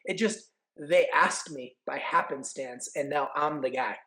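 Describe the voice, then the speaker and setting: A man in his forties from California, a guest telling stories in casual chat, acting out quotes with animated energy. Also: a little high, a little slow, low-quality recording. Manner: animated, acts out quotes and announcer calls. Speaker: podcast guest, actor and event announcer. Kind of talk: casual storytelling.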